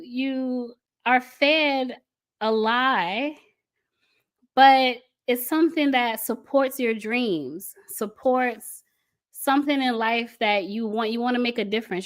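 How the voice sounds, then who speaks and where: A woman talks with lively emphasis, repeating a point several times to drive it home. She explains things step by step with a diagram. Her tone stays casual, and now and then she slips into mocking voices. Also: on the high side. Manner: emphatic, breaks into laughs, repeats phrases for stress; casual, mock voices when quoting. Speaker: speaker on a panel about a church group. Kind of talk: animated talk explaining with a diagram.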